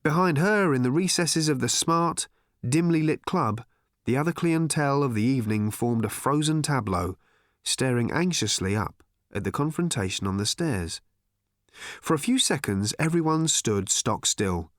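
This is scripted audiobook narration by a man with a mid-range voice, delivered expressively at a moderate pace. The studio-quality recording has no echo.

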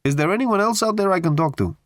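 A man voicing a newly created, oozing river creature that asks blunt, naive questions in a high, eager voice. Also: animated, quick pace, no echo, clean studio sound. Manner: direct, breathless questioning.

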